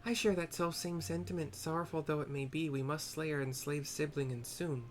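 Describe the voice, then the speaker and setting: A man's voice: on the high side, fairly even intonation, fairly quick, a little hiss or hum, pitched above the performer's own voice, lightly acted. Man doing a solemn little mage. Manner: solemn, formal. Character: small grave male mage, solemn.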